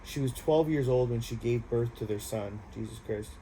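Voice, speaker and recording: A man's voice: mid-range voice, moderate pace, dark tone, a little hiss or hum, rough recording. A man giving an amateur reading of a war memoir in a plain, unpolished way. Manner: plain, unpolished, casual asides. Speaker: audiobook reader.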